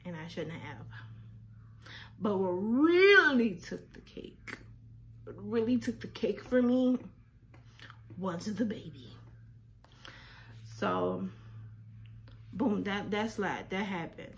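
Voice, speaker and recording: A woman telling a storytime vlog, animated and incredulous, firing off rhetorical questions, repeating words and dropping to near-whispers for asides. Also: mid-range voice, takes it slowly, vocal fry, long pauses, slight background noise. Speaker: vlogger.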